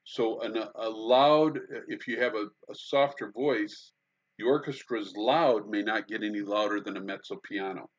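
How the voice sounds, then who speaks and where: Low-voiced man giving a halting music lecture. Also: fairly even intonation. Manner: halting, with many fillers and sung beats. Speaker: music instructor. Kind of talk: recorded conducting lecture. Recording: dull lo-fi lecture recording.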